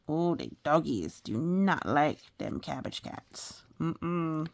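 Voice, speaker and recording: A woman's voice: deep voice, slow, creaky, few pauses. A woman reading a picture book aloud to children and chatting about the pictures between passages. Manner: animated, talks to young listeners about the pictures. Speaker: storybook reader.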